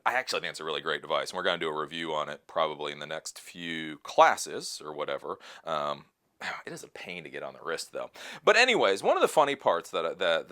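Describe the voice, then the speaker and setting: A man in his late thirties with a fairly low voice that swings widely up and down as he talks. He gives casual, chatty advice to his viewers and often slips into mocking impressions of other people. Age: 30s. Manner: animated, mimics other people in high put-on voices. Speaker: host.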